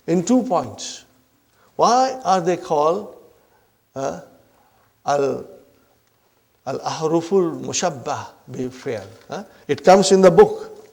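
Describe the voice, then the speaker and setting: A man's voice: fairly high pitch, a little mellow. A man teaching Arabic grammar in a classroom lecture, who often checks in with his listeners and calls them brothers and sisters. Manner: repeats points, checks in often with "huh?" and "are you with me".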